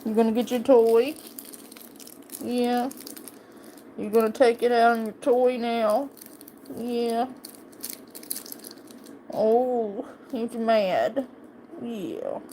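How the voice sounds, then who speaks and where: A woman's voice: a little high, very slow, pauses often, warm tone, a little hiss or hum. A woman streamer chatting casually and playfully teasing her pet on a live stream.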